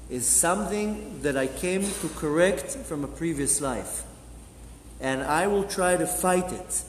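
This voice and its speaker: A man's voice: a little high, a little hiss or hum. A man, a rabbi, teaching a Torah class and telling a story, acting out the dialogue of its characters. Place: synagogue hall. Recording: echoey hall with faint ambience.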